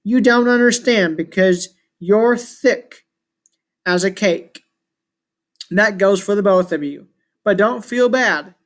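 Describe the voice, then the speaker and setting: A man's voice: high-pitched, slow. A grumbling, contemptuous ancient chaos god trapped in a small shell creature, read out by a man narrating a storybook. He speaks grandly about eternity and sneers at everyone around him. The reading stays plain and close to an everyday voice. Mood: scornful.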